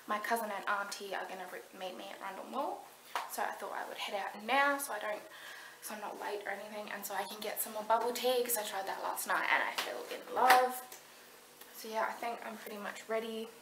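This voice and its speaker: A woman's voice: medium pitch, very noisy. A young woman chatting casually to camera in a vlog diary, rambling and gushing. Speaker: vlogger. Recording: echoey room with faint ambience.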